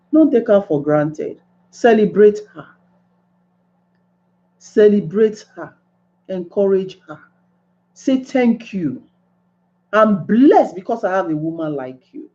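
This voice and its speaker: Earnest woman with a lively, swooping voice who pleads her points in a monologue. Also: mid-range voice, muffled recording. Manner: earnest, pleading, rising to exclamations. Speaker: speaker giving advice. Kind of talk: impassioned monologue.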